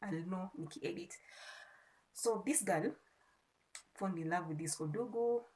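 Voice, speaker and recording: A woman's voice: lowish voice, measured pace, darkish tone, low-quality recording. A woman with a Kenyan accent, chatting casually and rambling a little as she reviews a movie for her vlog. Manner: chatty and rambling, with frequent restarts. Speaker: vlogger.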